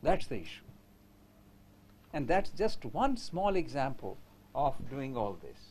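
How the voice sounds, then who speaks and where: A man's voice: mid-range voice, big pitch swings, unhurried, darkish tone, slight background noise. A man giving a conversational lecture to teachers and asking the audience questions.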